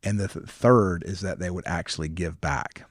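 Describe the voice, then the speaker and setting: A man, a ministry founder and guest, sharing stories in an earnest, animated way, often restarting his sentences. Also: deep voice, normal speed, slightly rough, dry recording, clean studio sound. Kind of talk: conversational storytelling interview.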